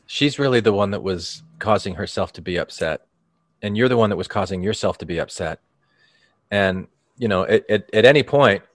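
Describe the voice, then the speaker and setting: A man as podcast co-host, calmly reflecting in casual chat on how people upset themselves. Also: fairly low pitch, dry recording, clean studio sound. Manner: calm, reflective, talks of letting go of preferences.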